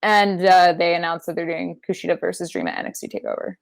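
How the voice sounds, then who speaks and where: A woman's voice: fairly low pitch, sing-song, quick pace, gravelly. A woman co-hosting a wrestling podcast, recapping matches in casual chat with playful wordplay and frequent swearing. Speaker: podcast co-host.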